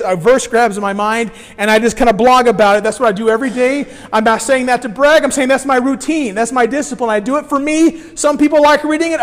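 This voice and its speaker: A man with a notably high voice preaches a sermon as pastor, his words trailing into the long reverb of a big hall. He tells stories with animated swings, dropping soft and then bursting out loud. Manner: animated storytelling with sudden swings between quiet and loud.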